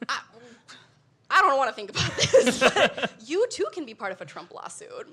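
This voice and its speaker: A young woman giving a lively comedic talk, her voice bright and a touch high, swinging up and down with energy. She laughs often between lines as she plays to the audience. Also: moderate pace, breathy edge. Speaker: comedy show guest.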